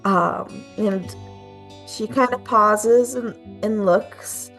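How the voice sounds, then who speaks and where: Slow, relaxed woman game master, many ums, faint guitar music behind. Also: mid-range voice. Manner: relaxed, with frequent ums and uhs. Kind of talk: narrating a tabletop game.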